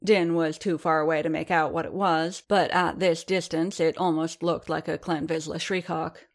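A woman with a fairly low voice narrating fiction for an audiobook. Her telling stays even and measured, carrying the scene steadily through description and dialogue tags.

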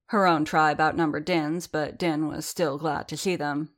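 A woman narrating an action story aloud in an even, measured audiobook reading. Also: sits low.

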